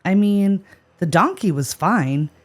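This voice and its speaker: A woman's voice: medium pitch, lively intonation, slow pace. A woman co-hosting a podcast, telling a history story with playful, jokey asides. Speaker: podcast co-host. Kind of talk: scripted podcast banter.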